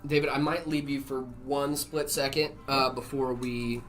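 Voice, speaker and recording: A man's voice: medium pitch, little pitch movement, measured pace, a bit bright, soft background music. A man co-hosting a livestream in casual chat, rambling in a friendly way and reading viewer messages aloud. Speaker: livestream co-host.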